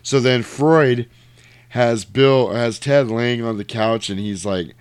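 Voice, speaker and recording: Animated man retelling a movie. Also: slow, smooth, no room sound. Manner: animated storyteller, acts out quotes in high voices, laughs often. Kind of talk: casual movie recap chat.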